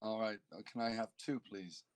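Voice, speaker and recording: A man's voice: fairly low pitch, moderate pace. Playful man playing a tabletop game. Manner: playful, cheeky in character. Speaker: player. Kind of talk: tabletop game role-play.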